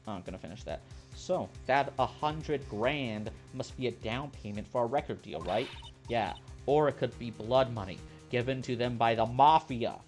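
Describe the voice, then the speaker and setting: A man's voice: medium pitch, darkish tone. A man casually commenting while playing a video game, joking and reading lines aloud with game music behind him. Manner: joking, voices the game's characters. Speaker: let's play host. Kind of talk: casual let's play commentary.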